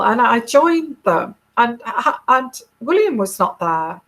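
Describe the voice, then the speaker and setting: Slow, soft-spoken British woman. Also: a little high. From United Kingdom. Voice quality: soft, calm voice. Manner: hesitant, with many fillers and restarts. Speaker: intuitive tarot reader. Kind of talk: casual monologue recounting a dream.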